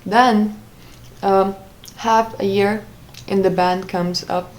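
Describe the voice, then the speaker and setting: A woman's voice: mid-range voice, fairly even intonation, slow. A young woman telling a personal story in a casual monologue, rambling, with many fillers and restarts. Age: young adult. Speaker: vlogger.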